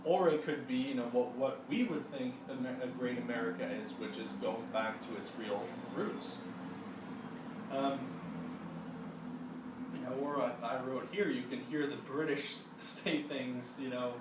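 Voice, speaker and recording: A young man talks a small group through a reading in a loose, rambling way, full of fillers and restarts. He is picked up from some distance by the mic. The room rings with echo, and steady background noise sits under his voice. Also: mid-range voice, a little slow. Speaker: discussion leader presenting to a study group. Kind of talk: casual classroom presentation.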